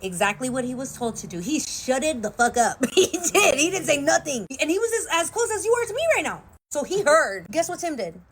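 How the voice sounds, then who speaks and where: A woman telling a story in comedic skit clips, playful and animated. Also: sits high, fairly quick, few pauses.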